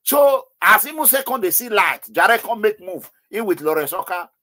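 This is a Nigerian man hosting a political call-in show, with a slightly high voice. He talks excitedly and drifts between English and Pidgin as he holds forth on party politics. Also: normal speed. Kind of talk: animated political commentary with callers.

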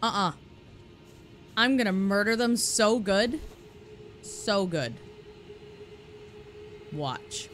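A woman streamer giving live commentary while playing a video game, excitable and swearing, dropping to low mutters and then bursting into loud cheers. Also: extremely slow, pauses often, soft background music.

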